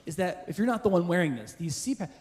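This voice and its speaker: High-voiced middle-aged man doing stand-up. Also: lively intonation, fast, a little mellow. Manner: chatty, teasing the crowd, wry asides. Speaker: stand-up comedian. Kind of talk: stand-up comedy set. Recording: reverberant live room, faint ambience.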